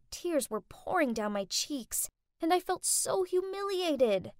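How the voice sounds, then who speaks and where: A woman's voice: high-pitched, very animated, unhurried, dry recording, studio quality. A woman narrating a first-person story in a dramatic, gushing way.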